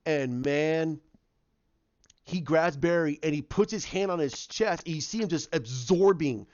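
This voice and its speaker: A fairly high-voiced man in his thirties tells a TV episode in an excited, chatty way, acting out what the characters say. The recording is dry and dull, with a narrow lo-fi sound. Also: unhurried, dry recording. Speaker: TV episode reviewer. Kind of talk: casual episode recap.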